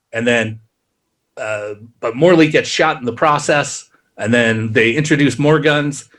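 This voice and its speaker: Male podcast co-host, casual and rambling, tosses in quick character voices. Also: medium pitch, a bit bright. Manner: rambling, acts out characters' lines in quick asides. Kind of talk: casual plot recap.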